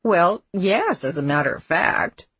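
A woman's voice: on the low side, big pitch swings, measured pace, a bit bright, slightly rough, no echo, voice pushed up, exaggerated voice. A woman narrator voicing a sardonic, languid young woman who speaks in a dry, bored, sarcastic way.

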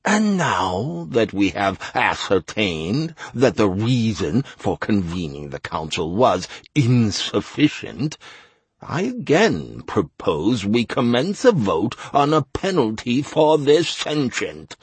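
A man's voice: fairly low pitch, big pitch swings, takes it slowly, breathy edge, no room sound, heavily acted. A man voicing a smug masked male councilman who makes pompous legal proclamations in a sing-song way. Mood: formal.

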